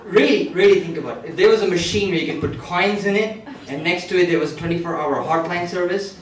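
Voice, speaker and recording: A man's voice: high voice, fast talker, a crowd in the background. A young man from India, telling stand-up stories at an open mic night in a bar, full of "I mean" and "you know". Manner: animated storytelling, frequent "I mean" and "you know". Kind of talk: stand-up comedy routine. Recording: echoey bar room, distant mic, background noise.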